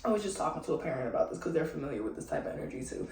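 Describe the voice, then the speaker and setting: A young woman venting to her viewers in a frustrated, animated way, speaking. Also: low-pitched, very fast. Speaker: vlogger. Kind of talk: casual venting monologue. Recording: echoey room, some distance from the mic.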